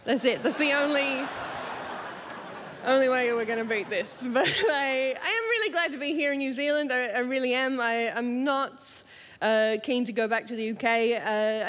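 A woman with an Australian accent performing stand-up comedy in a theatre, animated and jumping up into high exclamations. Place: large theatre stage with live audience. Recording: reverberant theatre, faint background noise.

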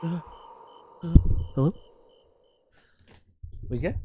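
Male streamer, loud and jokey, lively fairly high voice, music bed. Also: normal speed. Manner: loud, joking, excitable reactions. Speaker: gaming streamer. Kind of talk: reacting to a horror game.

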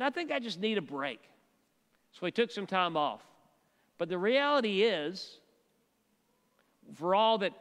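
A male pastor preaching a sermon, telling stories and dropping his voice soft and quiet for emphasis. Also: high-pitched, clear, resonant tone, big-room sound.

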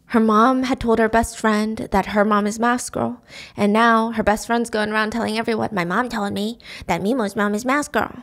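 A woman podcast host retelling a story in a chatty, animated way, often laughing. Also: a little high. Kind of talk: casual storytelling recap.

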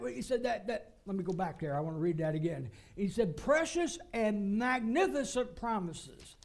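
A pastor preaching a sermon with emphatic, repeated phrases. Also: male voice, sits high, vocal fry, darkish tone. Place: church.

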